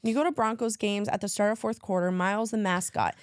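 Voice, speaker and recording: A woman's voice: mid-range voice, fairly even intonation, fast, clean tone, no echo, studio quality. A woman co-hosting a casual sports podcast, gushing and tearful as she talks about her team. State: crying at times. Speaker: podcast co-host.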